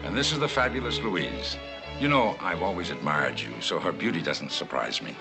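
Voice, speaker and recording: An actor playing a suave, flattering state governor at a society reception in a 1960s film. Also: male voice, low voice, normal speed, gravelly, loud music behind the voice, heavily acted.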